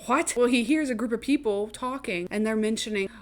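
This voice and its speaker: Female vlog host, casual recap, animated and irreverent. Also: fairly high pitch, brisk. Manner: animated, swearing, dramatic asides. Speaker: video host.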